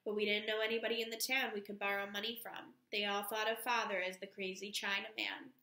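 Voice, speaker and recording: A woman teacher reads a novel aloud at a steady pace, calling out page numbers as she goes. Her voice is bright with a gravelly edge. It rings in an echoey room. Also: mid-range voice, fairly quick. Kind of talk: reading a novel aloud to a class.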